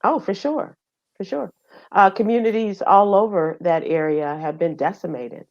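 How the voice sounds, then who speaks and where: A middle-aged woman with a mid-range voice hosts a radio show, going over the news in casual chat. She's halting, with fillers and restarts, and the highs in the audio are cut off.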